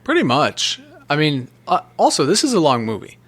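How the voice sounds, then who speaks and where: A man co-hosting a casual movie podcast, trading quick reactions and wisecracks. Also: fairly high pitch, huge pitch swings, a bit bright. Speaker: podcast co-host.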